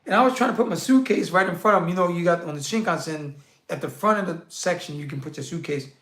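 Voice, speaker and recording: A man's voice: a little high, fairly bright tone, reverberant. A man hosting a casual livestream, reading viewer comments aloud and answering in a loose, slangy way with frequent laughs. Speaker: livestream host reading chat.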